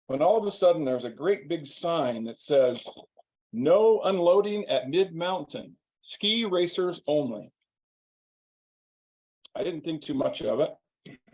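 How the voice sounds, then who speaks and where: Man, interview guest, wry humorous storytelling, slightly higher voice. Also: mellow, low-quality recording. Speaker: sales speaker, guest. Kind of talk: anecdotal storytelling.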